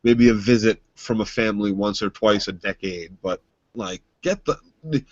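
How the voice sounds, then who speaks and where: A man's voice: on the low side, moderate pace, a little mellow, no echo, muffled recording. A man co-hosting a podcast who gives heated, emphatic opinions full of swearing in casual chat. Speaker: podcast co-host.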